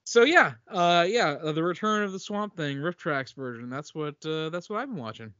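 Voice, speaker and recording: A man's voice: a little high, animated, normal speed, bright, forceful tone, no echo, lo-fi sound. A man hosting a podcast in casual chat, rambling and correcting himself as he talks. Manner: rambling, self-correcting, laughs easily. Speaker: podcast host.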